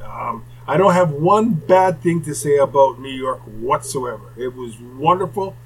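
An older former hockey player telling rambling anecdotes in casual conversation, with asides. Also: male voice, medium pitch, animated, measured pace, slightly rough, poor audio. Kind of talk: casual storytelling.

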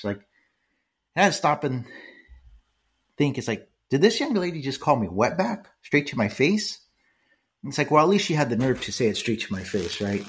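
A man's voice: mid-range voice, lively intonation, moderate pace, breathy edge. An older man hosting a solo podcast, talking casually and rambling, often checking in with "right?" and lots of fillers. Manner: conversational, rambling with frequent "right?" tags and fillers. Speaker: podcast host.

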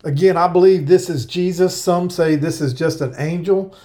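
A man preaching an earnest verse-by-verse sermon, explaining scripture and reading passages aloud slowly. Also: high-pitched, steady tone, mellow. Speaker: pastor. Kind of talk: Bible-teaching sermon.

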